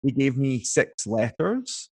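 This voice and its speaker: Husky and very animated, this young man's mid-range voice moves slowly through a long personal anecdote he shares as a guest in a laid-back chat. He leans heavily on fillers, keeps it chatty, and voices each quoted person himself.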